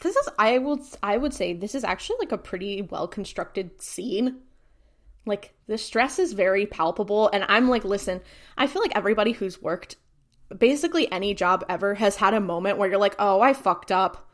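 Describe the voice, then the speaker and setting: A woman's voice: mid-range voice, normal speed. A woman co-hosting a podcast, casually recapping an episode and acting out the characters' lines with lots of "like". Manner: animated retelling, acts out character lines. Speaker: podcast co-host.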